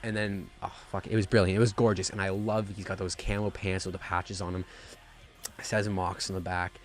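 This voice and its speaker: A man with a deep, low-pitched voice rambles through a wrestling review. He talks in an excited, casual way and swears freely. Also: fairly quick. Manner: profane, rambling, gushing.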